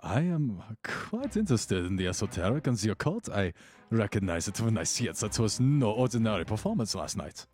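A man running a tabletop game as game master, narrating scenes in a measured, descriptive way with slow dramatic pauses. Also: fairly low pitch, big pitch swings, a little mellow.

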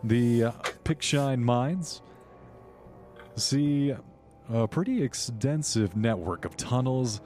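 A man narrating as game master of a tabletop game, describing scenes in a relaxed, descriptive way. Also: mid-range voice, slow pace, soft background music. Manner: descriptive, relaxed, with small restarts.

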